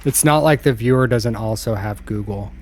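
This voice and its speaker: A man co-hosting a let's play, making dry jokes in relaxed casual chat and swearing freely. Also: lowish voice, normal speed.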